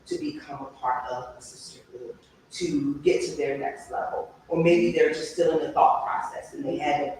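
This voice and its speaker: A woman's voice: low-pitched, normal speed, a little mellow, slight background noise. A woman hosting a live-stream talk show, speaking emphatically and repeating words for stress. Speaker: livestream show host. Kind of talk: casual live-stream conversation. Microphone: remote live-stream setup. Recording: echoey room, voice from far off.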